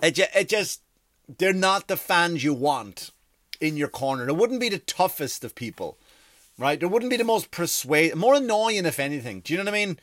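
Male comic host, sarcastic rambling rant, slightly high voice, dry close sound. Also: animated, normal speed, fairly bright tone, dry recording. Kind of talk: comedic rant.

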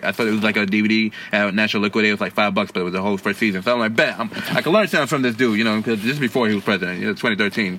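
A man from Haiti hosting a podcast, telling stories in a profane, animated casual chat. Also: lowish voice, a little hiss or hum. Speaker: podcast host.

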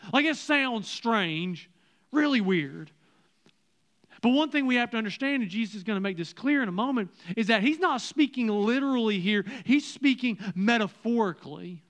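High-voiced man preaching conversationally. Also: lively intonation, moderate pace, a bit bright. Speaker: pastor. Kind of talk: sermon. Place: church service.

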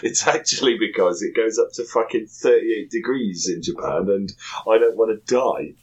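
A man's voice: on the low side, normal speed, highs cut off. A man co-hosting a casual podcast from home, swearing, laughing and joking dryly. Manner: laughing, sweary, dry jokes. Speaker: podcast co-host. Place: home room in Japan.

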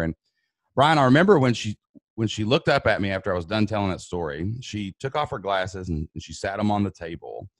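A man's voice: lowish voice, expressive, brisk, dry recording. A man guest in an interview, earnestly telling an emotional personal story and acting out the dialogue. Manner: earnest, emphatic, acts out quoted dialogue.

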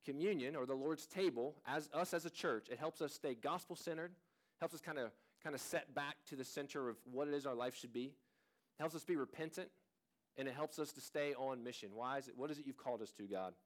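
A man in his thirties preaches to his congregation in a relaxed, conversational way. His voice sits at an ordinary middle pitch, and he talks earnestly, circling back and restarting phrases as he goes. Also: fairly quick. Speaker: pastor. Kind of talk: sermon.

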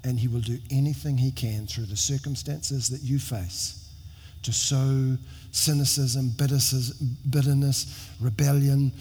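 A middle-aged male pastor preaching in a church hall, his mid-pitched voice carrying a long echo around him. He talks earnestly and conversationally, often restarting his sentences and making wry asides about himself. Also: steady tone, unhurried, a little mellow, breathy edge. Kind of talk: sermon with storytelling. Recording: long reverb of a large hall.

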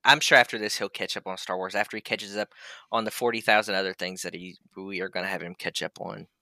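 A man's voice: deep voice, steady tone, fast, vocal fry, pushed and bright, no room sound. A man co-hosting a casual podcast, joking and swearing freely. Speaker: podcast co-host.

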